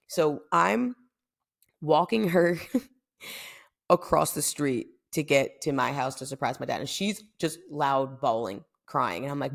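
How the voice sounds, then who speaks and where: A young woman from the United States telling a story in a chatty, animated way as a podcast host. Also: extremely low pitch, unhurried, vocal fry. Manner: chatty, animated, lots of fillers. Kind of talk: casual storytelling.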